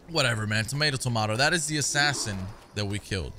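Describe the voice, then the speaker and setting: A man's voice: mid-range voice, fast, bright, forceful tone, slight background noise. A man giving casual, chatty commentary over a game, often repeating his words as he goes. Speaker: gaming commentator. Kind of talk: casual let's-play commentary.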